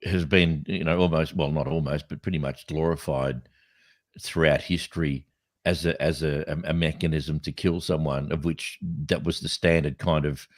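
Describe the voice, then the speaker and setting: A man co-hosting a podcast, telling stories in a lively, animated way with frequent restarts. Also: a bass voice, normal speed, no room sound, studio quality. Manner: animated storyteller, many restarts. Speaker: podcast co-host. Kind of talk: casual chat. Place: studio.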